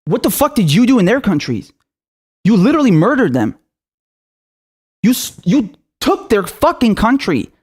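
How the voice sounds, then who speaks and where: A man's voice: high-pitched, very animated, moderate pace, pauses often, a little mellow, breathy edge. Furious, profane man ranting about politics. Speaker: political commentator. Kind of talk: angry political rant.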